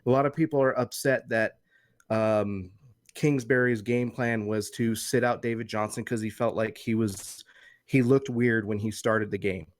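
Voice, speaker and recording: A man's voice: lowish voice, fairly even intonation, moderate pace, dry recording, studio quality. A man in his thirties, a podcast co-host telling a rambling, profane story in casual chat.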